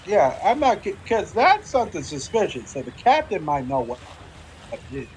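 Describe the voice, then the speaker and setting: A man playing a tabletop game in an excitable, chatty way. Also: sits high, normal speed, a little hiss or hum, poor audio. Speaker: player. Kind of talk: casual tabletop game play.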